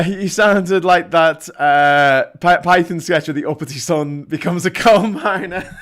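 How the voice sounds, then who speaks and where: A man's voice: medium pitch, a bit bright. A man with a Scouse accent hosting a live call-in show, reading viewer comments and joking in a rambling, mock-outraged way. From Liverpool, England.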